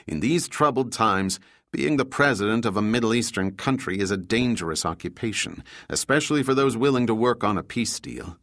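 A man's voice: on the low side, animated, fairly quick, no room sound, studio quality. A man voicing a stern senior official. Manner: firm, commanding, shouting when crossed.

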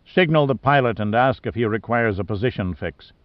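A man voicing a gruff, blustery male naval captain who roars and growls his orders, in a storybook reading. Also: medium pitch, lively intonation, a little fast, no echo, dull audio, lightly acted. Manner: roaring, growling, curt.

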